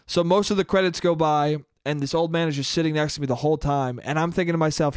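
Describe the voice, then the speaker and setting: A man's voice: a little high, quick pace, hardly any pauses, clear, resonant tone, dry recording. Young guy ranting on his podcast, cussing and mocking himself, dry close sound. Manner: rambling, profane, self-deprecating. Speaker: podcast host. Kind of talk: solo comedic monologue.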